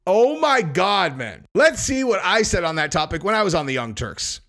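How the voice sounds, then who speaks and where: A man doing casual reaction commentary on video clips, talking fast and jumping in excitedly. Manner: animated, interrupts excitedly, voice jumps high when worked up.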